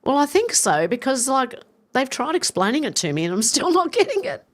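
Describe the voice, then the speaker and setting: A woman's voice: high voice, sing-song, a little fast. A woman, hosting a casual live stream and reading out chat comments in a chatty, swearing, self-mocking way. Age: 50s. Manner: chatty, swearing, laughing and confused over a joke. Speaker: livestream host reading chat.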